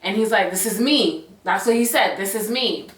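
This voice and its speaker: A young woman telling a personal story to her channel in a chatty, animated way full of slang and asides. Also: medium pitch, normal speed. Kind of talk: casual storytime. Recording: echoey room.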